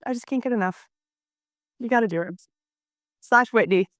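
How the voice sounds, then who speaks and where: A woman's voice: on the high side, normal speed, dry recording, studio quality. A woman hosting a podcast, reading a sponsor ad in a breezy, jokey way. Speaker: podcast host. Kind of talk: ad read.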